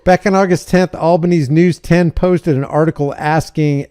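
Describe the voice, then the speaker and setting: A man hosting a casual commentary video, sarcastic and quick to laugh. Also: fairly high pitch, fairly even intonation, warm tone, clean tone, no room sound, clean studio sound. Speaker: host.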